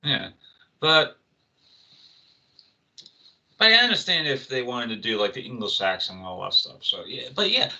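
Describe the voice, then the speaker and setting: A man's voice: mid-range voice, very animated, normal speed, pauses often, sharp tone, poor audio. A man co-hosting an entertainment podcast, talking casually with lots of restarts and fillers. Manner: rambling, many restarts and fillers. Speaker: co-host.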